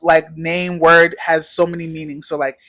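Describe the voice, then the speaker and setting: A woman's voice: low voice, little pitch movement, normal speed, fairly bright tone. Rambling young woman guest, lots of fillers. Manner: rambling, heavy use of "like" fillers. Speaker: podcast guest, knitwear designer. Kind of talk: casual interview chat.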